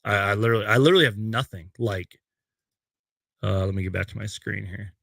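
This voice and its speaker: A young man hosting a post-game fan rant from his bedroom, emotional and halting, choked up as he reads tweets aloud to a webcam. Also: lowish voice, vocal fry, fairly bright tone, no room sound. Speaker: host. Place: bedroom at home.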